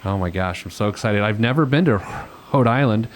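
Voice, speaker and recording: A man's voice: fairly low pitch, brisk, noisy background. A man hosting a financial advice podcast, chatting casually with a caller, rambling with lots of fillers and self-deprecating asides. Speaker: financial planner and podcast host.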